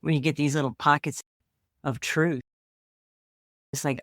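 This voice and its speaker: A woman hosting a podcast, reflecting warmly on her guest's story in a casual chat. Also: sits low, steady tone, measured pace, no room sound, studio quality. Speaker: podcast host.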